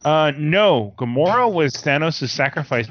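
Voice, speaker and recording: A young man in casual chat as a podcast co-host, excitedly retelling scenes and swearing. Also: on the high side, unhurried. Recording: dull lo-fi sound.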